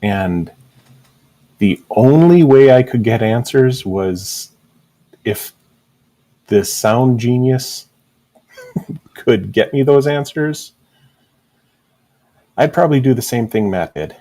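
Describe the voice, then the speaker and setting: Male guest, slow and mellow, laid-back, hesitant, repeats lines. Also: mid-range voice, lively intonation, poor audio. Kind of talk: casual fan podcast chat.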